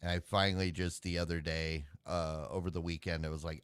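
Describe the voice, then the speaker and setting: A man's voice: sits low, level tone, a little fast, hardly any pauses, a bit bright, clean tone, no room sound. A man co-hosting a live web show, chatting casually and rambling with sighs and filler words. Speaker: podcast co-host. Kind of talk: casual chat.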